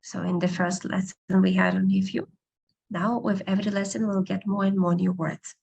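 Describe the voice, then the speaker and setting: A woman teaching an online beginner language class, patiently repeating words slowly over a video call. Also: medium pitch, level tone, gravelly, a little mellow, slightly rough.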